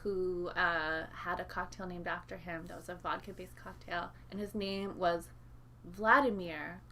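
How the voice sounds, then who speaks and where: A woman's voice: on the low side, flat delivery, a little slow, bright, forceful tone, slight background noise. A woman musician co-hosting a livestream from home, chatting casually and rambling with lots of fillers. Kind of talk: casual chat. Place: home, indoors.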